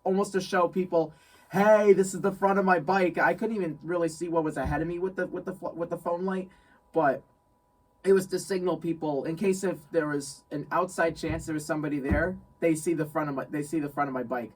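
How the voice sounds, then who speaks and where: Young man from New York, animated storyteller. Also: on the high side, brisk, slightly rough, distant mic, poor audio. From New York State. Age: young adult. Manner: animated, laughing, repeats phrases. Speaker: guest friend. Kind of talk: casual storytelling chat.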